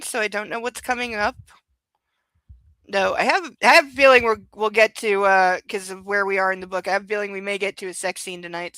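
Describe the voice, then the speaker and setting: A woman talks through a book in a loose, rambling way, peppered with ums and likes. Her voice is bright and a little sharp. The sound is close and dry, with no room around it. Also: mid-range voice, clear, resonant tone, dry recording, low-quality recording. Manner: chatty, full of ums and likes. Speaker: book club host. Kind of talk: casual book discussion.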